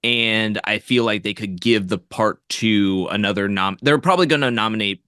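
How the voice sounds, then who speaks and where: A man in casual podcast chat, animated and laughing often as he talks about movies. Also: on the low side, normal speed, clean tone, no room sound, clean studio sound. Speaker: podcast co-host.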